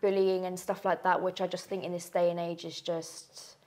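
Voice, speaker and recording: A woman's voice: fairly low pitch, level tone, moderate pace, warm tone. A woman with a London accent co-hosting a podcast, chatty and reflective in talk. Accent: London English. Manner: chatty, reflective, says "literally" often. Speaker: podcast co-host, aesthetics trainer. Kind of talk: casual chat.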